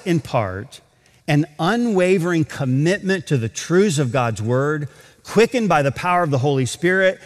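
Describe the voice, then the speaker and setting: A man delivers a sermon with a lively, rising and falling voice, pitched a little high for a man. He leans on rhetorical questions and draws out key phrases for emphasis. The sound carries a long reverb from a large auditorium. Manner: emphatic preaching with rhetorical questions and varied pace. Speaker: pastor.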